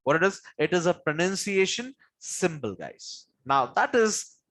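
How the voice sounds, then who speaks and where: A man teaching pronunciation in a classroom lecture. He asks his own questions, answers them himself and spells out letters slowly. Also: high-pitched, very animated, fairly bright tone. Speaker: English teacher.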